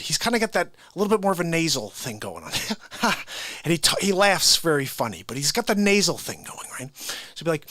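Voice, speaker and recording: Brief: male streamer, casual and chatty, animated and slightly high. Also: fairly quick, no room sound. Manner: chatty, talks to the viewers directly. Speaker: livestream host and impressionist. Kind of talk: casual livestream chat.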